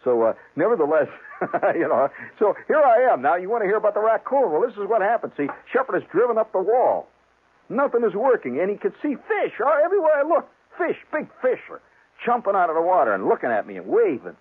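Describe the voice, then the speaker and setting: Husky, animated man telling a fishing yarn. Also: high voice, fast talker. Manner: rambling, animated, restarts, chuckles. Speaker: radio storyteller. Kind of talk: humorous storytelling monologue. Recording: tinny, phone-like old radio sound.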